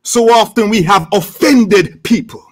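A man preaches a sermon in a church with a strikingly high voice. He takes his time, speaking slowly and deliberately. He stacks up repeated phrases with rising emphasis. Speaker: pastor.

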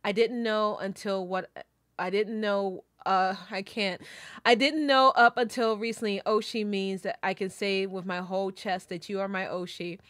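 A woman's voice: medium pitch, steady tone, normal speed, fairly bright tone, no echo, clean studio sound. Emotional woman reading birthday messages. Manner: emotional, tearful, laughing between lines. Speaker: VTuber streamer.

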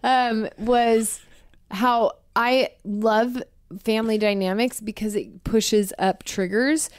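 Woman, podcast co-host, casual playful chat, smooth voice, dry sound. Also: fairly high pitch, slow, no room sound. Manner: playful, laughs often, animated.

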